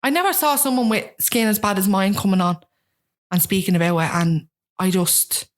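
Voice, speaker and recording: A woman's voice: mid-range voice, normal speed. A woman in her thirties with a Dublin accent, telling stories in a casual interview chat and acting out what people said. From Ireland. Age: 30s. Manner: animated storytelling, acts out quoted voices. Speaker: guest.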